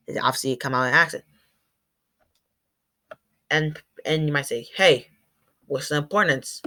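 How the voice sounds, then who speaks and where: A man's voice: a little high, sharp tone. A teenage boy giving a rambling, informal school presentation, restarting his sentences often. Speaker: student presenter.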